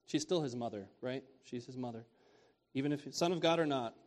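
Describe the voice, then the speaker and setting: A man's voice: mid-range voice, brisk. A man preaching a sermon on scripture in a casual, conversational way, repeating key phrases and often asking "right?".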